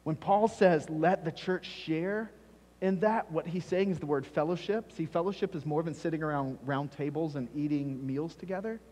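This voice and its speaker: A man preaches a sermon as pastor, pressing his points and repeating them for weight. His voice sits a little high and slightly husky. Long church-hall reverb trails behind every phrase. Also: normal speed, a little mellow. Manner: emphatic, repeats key phrases for stress. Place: church sanctuary.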